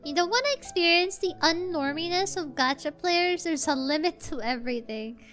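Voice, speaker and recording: High bright-voiced woman streamer. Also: moderate pace, soft background music. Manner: rambling, self-correcting, sudden excitable outbursts. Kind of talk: casual gameplay stream chat.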